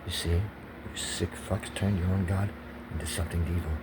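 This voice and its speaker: A man's voice: deep voice, flat delivery, a little fast, very noisy. A man talking in a rambling, profane monologue, swinging from whispers to agitated pressured speech. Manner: rambling, drops to whispers then rises to agitated shouting.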